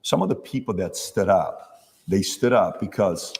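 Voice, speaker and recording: Low-voiced man hosting a podcast. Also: animated, a little slow, gravelly, a little mellow, long reverb tail. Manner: storytelling, acts out dialogue. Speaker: podcast host. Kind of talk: interview conversation.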